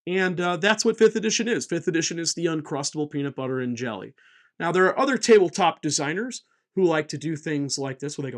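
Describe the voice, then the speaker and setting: A man hosting his own channel, talking in a playful, jokey, animated way as a game designer. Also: fairly high pitch, fast talker. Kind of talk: comedic casual vlog.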